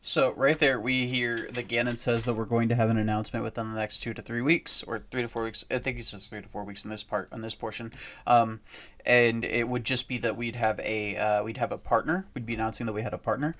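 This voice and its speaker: A man talking through a casual commentary video at a middling pitch. He rambles, circles back and restarts his sentences, with plenty of fillers. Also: steady tone, brisk, fairly bright tone. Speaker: host.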